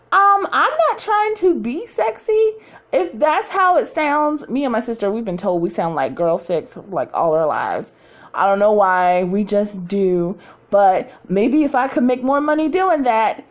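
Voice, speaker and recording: A woman hosting a podcast from home, talking in a candid, chatty way and laughing often. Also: on the high side. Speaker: podcast host. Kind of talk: casual chat.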